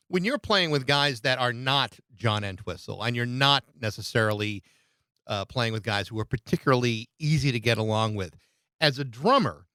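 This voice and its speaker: A man's voice: mid-range voice, a bit bright, no echo. A male radio show host chatting easily with his guest and asking long, rambling questions. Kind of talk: interview questions.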